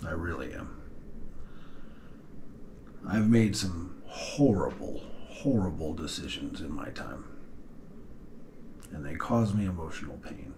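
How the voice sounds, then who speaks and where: Low-voiced father speaking earnestly. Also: lively intonation, background noise. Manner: earnest, halting, with long pauses and sighs. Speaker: father addressing his daughters. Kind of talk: heartfelt personal video message.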